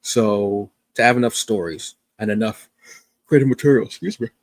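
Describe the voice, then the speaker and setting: A man's voice: lowish voice, normal speed, no room sound. A tired man hosting a comics review stream, talking casually and enthusiastically with lots of fillers and restarts. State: tired, up since early morning. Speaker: comics review show host. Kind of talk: casual solo livestream talk.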